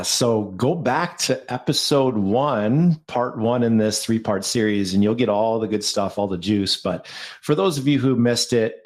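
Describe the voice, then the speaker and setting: Male podcast co-host, low register, upbeat coaching tone, loves wordplay. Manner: playful, fond of alliteration, motivational. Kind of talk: podcast conversation.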